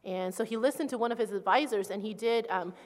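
Higher-voiced woman interpreting a sermon. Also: quick pace. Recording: long hall reverb.

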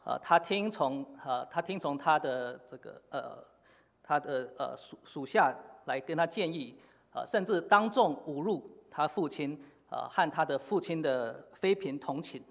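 A man preaching a sermon in short phrases, pausing often with fillers for an interpreter. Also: a little high, expressive, vocal fry. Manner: halting, many filler pauses. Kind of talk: sermon in Chinese with live interpretation. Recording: long hall reverb.

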